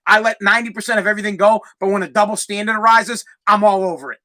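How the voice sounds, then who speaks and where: A man's voice: high voice, fast talker, bright, forceful tone. A man hosting a podcast, ranting bluntly and combatively and repeating himself for emphasis. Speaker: podcast host. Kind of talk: opinionated podcast rant.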